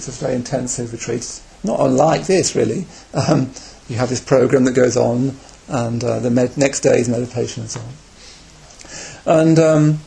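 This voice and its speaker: Reflective man in his forties, gravelly edge, self-deprecating retreat storyteller. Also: medium pitch, mellow. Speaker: Buddhist speaker on retreat. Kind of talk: personal anecdote talk.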